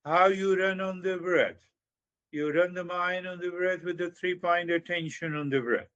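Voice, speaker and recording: A man giving a spiritual talk on meditation, speaking slowly with drawn-out, repeated phrases and sudden emphatic rises. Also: sits high, steady tone, fairly bright tone, clean tone, muffled recording. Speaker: meditation teacher.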